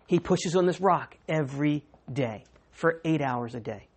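A woman preacher delivers a sermon through vivid storytelling. Her voice is husky and breathy. She swings from hushed to soaring as she presses her points home. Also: low voice, measured pace, hardly any pauses. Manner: animated storytelling with dramatic swings.

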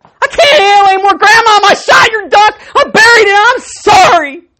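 A woman playing a guilty young boy who pleads, cries and shouts in a sermon story. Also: medium pitch, big pitch swings, normal speed, a little hiss or hum. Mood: desperate. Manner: pleading, rising to shouting and crying.

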